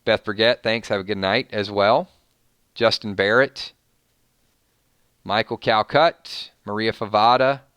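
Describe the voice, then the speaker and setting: A man's voice: on the low side, steady tone, unhurried, pauses often, fairly bright tone, smooth, no room sound, dull audio. A man from Georgia with a Southern accent, hosting a casual live stream and reading out viewer names in a rambling, friendly way. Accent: Southern American. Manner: chatty, reads viewer names, rambling restarts. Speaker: streamer host.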